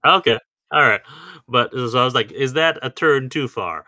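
A man's voice: medium pitch, animated, normal speed, bright, forceful tone, no room sound. A man co-hosting a podcast, chatting casually about a film in an upbeat way and laughing easily. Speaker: podcast co-host. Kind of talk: casual film review chat.

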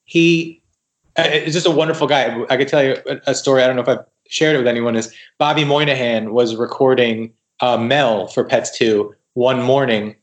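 A man appearing as a guest writer on a podcast shares stories casually and with lots of animation, quoting dialogue and often beginning sentences again. His voice sits at a medium pitch.

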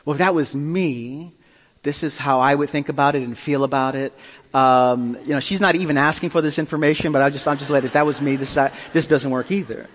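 A male pastor giving a sermon, telling a story with lively, acted-out dialogue. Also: mid-range voice, brisk. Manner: animated storytelling, acting out dialogue. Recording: long hall reverb.

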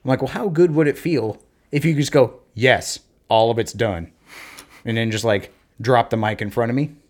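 A man in casual conversation, telling parenting stories and acting out talks with his kids in lively bursts. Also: mid-range voice, moderate pace. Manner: animated storyteller, acts out talks with his kids. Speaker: podcast co-host, parent. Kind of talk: casual chat.

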